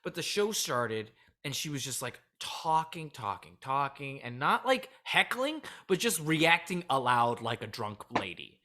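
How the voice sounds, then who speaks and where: A man's voice: medium pitch, big pitch swings, unhurried, few pauses, bright, forceful tone. A man in his thirties, a comedian telling a personal story candidly in a casual interview. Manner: candid, drifting between laughing and subdued. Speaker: comedian guest.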